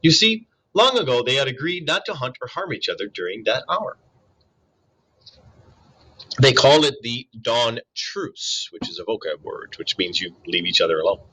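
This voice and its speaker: Guy reading a kids book out loud, bouncy voice, kinda husky, stops to explain stuff. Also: mid-range voice, moderate pace, poor audio. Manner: expressive read-aloud with asides to listeners. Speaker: reader. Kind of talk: reading a children's novel aloud.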